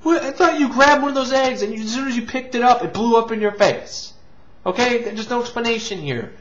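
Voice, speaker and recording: With a very high-pitched, fairly bright voice and a fairly quick pace, a movie reviewer and show host rambles casually, restarting himself and swearing. The audio is lo-fi and dull.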